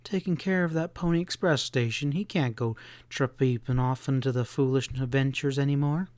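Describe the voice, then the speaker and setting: A man's voice: medium pitch, moderate pace, a little mellow, dry recording, natural voice. A man voicing a determined, prim ranch wife in a western audiobook, speaking firmly and insistently. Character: determined ranch wife, middle-aged woman. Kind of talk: audiobook character voice.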